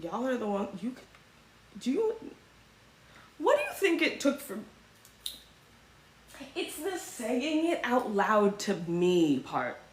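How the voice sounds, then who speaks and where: A woman's voice: a little high, wildly swooping pitch, slow pace, long pauses. A woman hosting a casual commentary livestream, talking in a loose, sarcastic way and now and then slipping into mocking voices. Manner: conversational, sarcastic, swings into mocking put-on voices. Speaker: host. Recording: echoey room with faint ambient noise.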